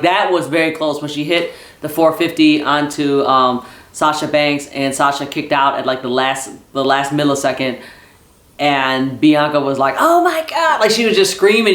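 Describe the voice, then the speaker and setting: A man talks through a wrestling event in a casual, rambling vlog, full of fillers and restarts. His voice sits a little high for a man, and the room around him is echoey. He sounds like an excited fan. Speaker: wrestling vlogger.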